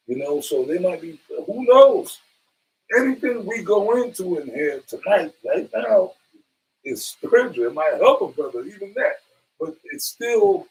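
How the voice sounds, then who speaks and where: A man's voice: fairly high pitch, darkish tone, distant mic, poor audio. A man in a religious brotherhood, talking earnestly and fervently to the group and calling them brother. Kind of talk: impassioned casual preaching.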